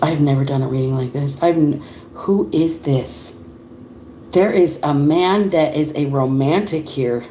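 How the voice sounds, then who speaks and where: Woman, casual livestream tarot reading, animated and chatty, frequent laughter, casual swearing, faint background noise. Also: low-pitched, measured pace. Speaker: tarot reader. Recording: roomy echo.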